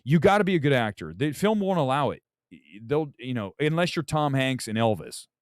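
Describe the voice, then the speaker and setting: A man hosting a casual movie talk livestream, loud, profane and rambling. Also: mid-range voice, expressive, fairly quick, no room sound, studio quality. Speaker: movie talk show host.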